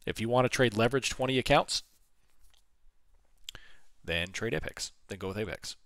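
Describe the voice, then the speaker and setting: A man hosting a casual trading livestream, his voice hoarse from talking, answering viewer questions and reading numbers off charts. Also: mid-range voice, animated, normal speed, a bit bright, dry recording, clean studio sound.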